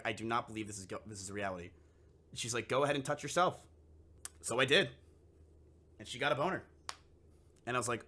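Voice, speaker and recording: A man's voice: mid-range voice, pushed and bright. A young man streamer telling a story casually to his live chat, swearing freely and acting out both sides of the conversation.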